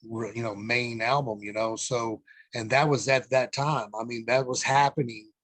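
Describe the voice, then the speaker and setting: A man's voice: mid-range voice, fairly even intonation, moderate pace, fairly bright tone, dry recording. Middle-aged man telling road stories, dry. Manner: rambling, profane, frequent fillers and restarts. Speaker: guest, former pro wrestler. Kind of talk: casual storytelling interview.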